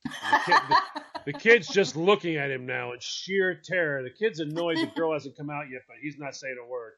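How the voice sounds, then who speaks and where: A man's voice: on the high side, expressive, normal speed, gravelly, sharp tone. A man telling a funny story with drama, acting out the voices and laughing often. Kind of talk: animated storytelling. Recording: dull lo-fi sound.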